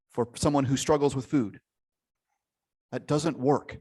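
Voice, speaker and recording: Speaking at medium pitch and a little slowly, a male relationship coach hosts a live online session on a computer mic. He stays energetic and emphatic, checks in regularly, and drops casual swear words.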